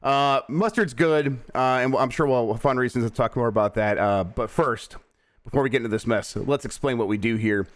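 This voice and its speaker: A man's voice: medium pitch, a little fast. A man hosting a casual morning gaming news show, joking around with frequent "uh"s and laughs. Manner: animated, jokey, frequent "uh" and laughs. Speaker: host.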